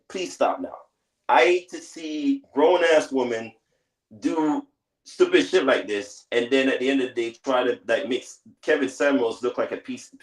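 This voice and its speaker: A man's voice: mid-range voice, roomy sound, poor audio. A man on a podcast panel on a heated, scolding rant, stumbling over words and repeating himself. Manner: preachy, scolding, repeats words when stuck.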